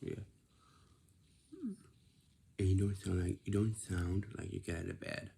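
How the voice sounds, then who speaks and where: Slow, gravelly, husky-voiced man. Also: deep voice, flat delivery, mellow, slight background noise. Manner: earnest, repetitive, instructing the listener directly. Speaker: presenter giving advice. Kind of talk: informal explanatory talk.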